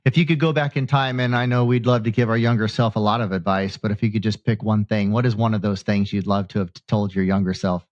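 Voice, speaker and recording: A man's voice: on the low side, steady tone, quick pace, few pauses, dry recording, muffled recording. A male podcast host who asks questions and affirms his guest with encouraging remarks. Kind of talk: casual interview talk.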